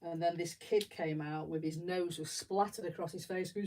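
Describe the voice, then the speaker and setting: A woman's voice: lowish voice, fairly even intonation, moderate pace, a little mellow, distant mic, slight background noise, rough recording. A middle-aged woman with an English accent, chatting and telling rambling stories as she builds, laughing often. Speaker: streamer. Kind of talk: casual chat while building. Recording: voice a bit away from the mic.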